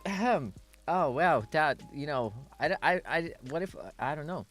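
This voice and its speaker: A man's voice: a little high, normal speed, a bit bright, faint music behind. A man chatting casually on a livestream, playful and rambling, full of teasing asides. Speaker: streamer.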